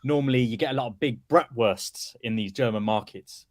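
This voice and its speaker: A man's voice: medium pitch, brisk, dry recording, studio quality. A man giving brash, teasing football banter in a casual chat. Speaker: football pundit.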